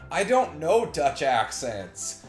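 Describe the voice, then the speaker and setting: A woman plays through a story game and reads the dialogue aloud in an animated voice that rises and falls a great deal. She speaks slowly and casually. The room sounds echoey, with faint game music behind her. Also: low voice. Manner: reads characters' lines aloud with playful put-on voices. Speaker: let's-play co-host. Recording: roomy home recording with faint game music.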